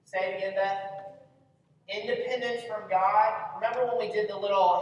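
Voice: mid-range voice, steady tone, moderate pace, slight background noise. A Bible study teacher leading an interactive lesson, constantly quizzing the group with questions. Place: large echoey meeting room. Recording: very echoey hall, speaker far from mic.

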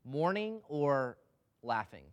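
A man's voice: fairly high pitch, sing-song, slow pace, highs cut off. A man preaching a sermon in a loose, conversational way, often putting questions to the congregation.

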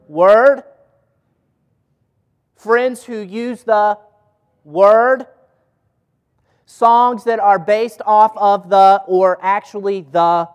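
Male pastor, high voice, unhurried questioning delivery, reverberant hall. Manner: asks the audience questions. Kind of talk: interactive Bible teaching.

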